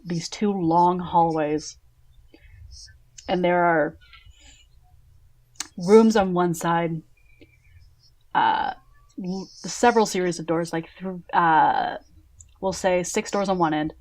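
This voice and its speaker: A woman's voice: on the low side, darkish tone. A woman running a tabletop game as game master, narrating scenes in a casual, descriptive way with many fillers.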